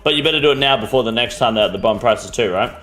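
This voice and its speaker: A man's voice: mid-range voice, quick pace, a bit bright, faint music behind. An Australian man live-streaming a game, chatting bluntly and answering viewers' questions, swearing freely. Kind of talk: casual live-stream chat.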